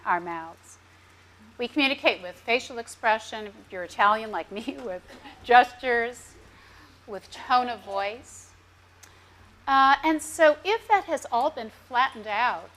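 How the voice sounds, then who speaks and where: A woman's voice: fairly high pitch, fairly bright tone. A woman speech-language pathologist giving a community education talk, coaching her audience through voice exercises. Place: lecture room with a live audience.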